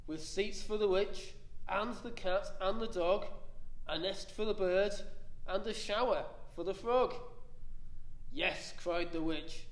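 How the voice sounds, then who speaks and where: Slow, echoey children's book reader, man. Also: sits high. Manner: slow, rhythmic rhyming read-aloud. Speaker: library staff reader. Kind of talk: reading a picture book aloud.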